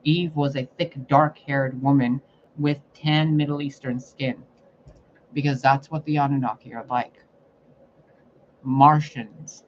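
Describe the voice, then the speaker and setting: A man's voice: medium pitch, fairly even intonation, measured pace. A man delivering a profane, confrontational spiritual rant as a psychic reader. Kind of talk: ranting spiritual monologue. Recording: muffled lo-fi recording, faint noise.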